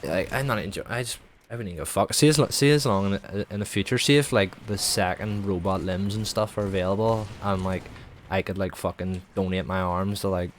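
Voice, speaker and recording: Low-voiced young man rambling casually. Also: brisk, slight background noise. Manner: sweary, rambling, heavy use of filler "like". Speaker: streamer.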